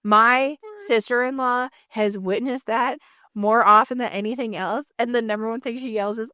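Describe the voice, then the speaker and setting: A woman co-hosting a casual podcast chat, telling animated stories with lots of swearing and acted-out quotes. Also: fairly high pitch, normal speed, dry recording, clean studio sound. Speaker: podcast co-host.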